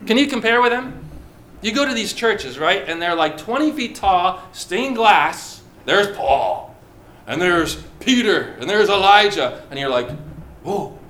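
A pastor preaching a lively sermon to his congregation, drawing out key words slowly and joking with the listeners. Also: sits high, slight background noise.

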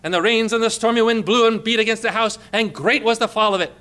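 A man preaching a sermon, telling stories in an animated, emphatic way and rising to exclamations. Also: high-pitched, fast.

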